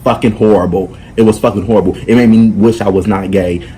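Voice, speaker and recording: A young man, telling a blunt, profane, animated storytime to his vlog viewers. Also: lowish voice, fairly quick, a little hiss or hum, low-quality recording. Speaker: vlogger. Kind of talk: casual storytime monologue.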